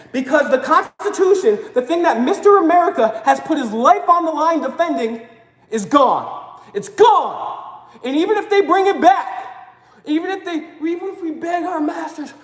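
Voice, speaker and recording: A woman with a high voice delivers a fiery political rant on a live stream, often breaking into shouts. Her voice rings through an echoey room with a long, hanging reverb. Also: lively intonation, normal speed.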